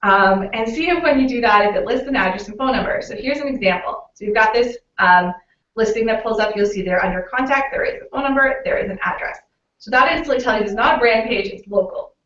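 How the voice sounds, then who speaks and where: A Canadian-accented woman with a brisk, somewhat bright, higher-pitched voice presents a webinar as a local SEO consultant. She explains things casually, dropping in lots of "um"s and "you know"s. The audio is muffled, roomy and distant.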